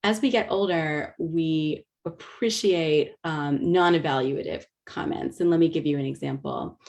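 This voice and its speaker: A woman with a deep, slightly mellow voice presents an online teaching webinar, speaking a little slowly into a video call mic. She explains things patiently but often says "um" and restarts her sentences.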